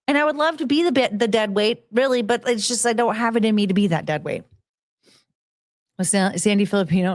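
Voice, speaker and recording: A woman's voice: mid-range voice, expressive, a little fast, no echo, clean studio sound. A woman hosting a podcast, telling stories in a rambling, frank way with lots of fillers and restarts. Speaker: podcast host. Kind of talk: casual monologue about past jobs.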